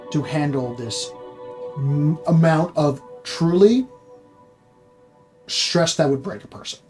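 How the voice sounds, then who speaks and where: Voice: medium pitch, a little mellow. A game master narrating a tabletop game, asking a player probing, reflective questions about their character.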